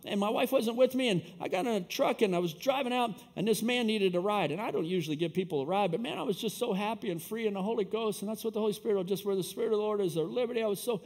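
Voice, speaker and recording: High-voiced man preaching, hall echo. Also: fast, hardly any pauses. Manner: storytelling, builds to loud fervent preaching. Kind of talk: sermon. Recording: long hall reverb.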